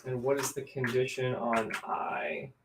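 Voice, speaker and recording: A man's voice: medium pitch, lively intonation, a little slow. A man co-hosting a live sale who takes claims, asking brief questions in casual chat. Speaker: co-host taking claims. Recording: roomy, far from the mic, faint noise.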